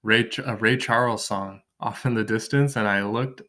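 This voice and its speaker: A man's voice: fairly low pitch, steady tone, moderate pace, bright, forceful tone. A man teaching an online writing lesson from his kitchen table, thinking aloud and counting syllables as he drafts.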